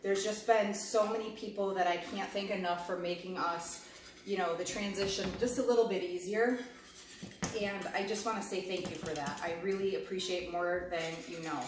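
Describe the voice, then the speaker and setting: A woman's voice: mid-range voice, steady tone, moderate pace. A woman chatting casually to viewers while she cooks at home, tasting food and walking through a recipe. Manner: talkative, talks while cooking and tasting food. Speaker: home cooking vlogger. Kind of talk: chatty cooking demo. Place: home kitchen. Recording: echoey kitchen, mic a bit far off, clear background noise.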